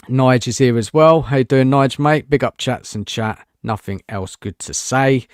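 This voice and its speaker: A man's voice: mid-range voice, measured pace, smooth, no room sound, studio quality. A man hosting a casual football fan live show, chatty and greeting viewers, saying "mate" often. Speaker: host.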